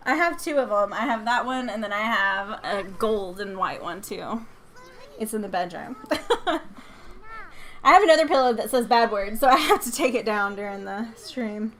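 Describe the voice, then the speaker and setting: A woman's voice: medium pitch, animated, moderate pace, a bit bright. A woman from North Georgia with a Southern accent, chatting casually and giggling often while live-streaming a game. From North Georgia, USA.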